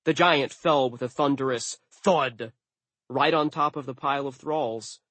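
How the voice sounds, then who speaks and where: A man narrating an audiobook in a studio, with wry, deadpan asides. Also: medium pitch, measured pace, dry recording.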